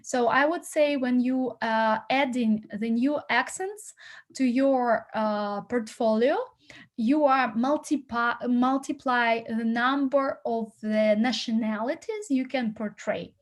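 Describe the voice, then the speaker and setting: A woman's voice: a little high, slow pace. A woman coaching actors, giving rambling, encouraging feedback full of fillers and restarts. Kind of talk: critique and advice to actors.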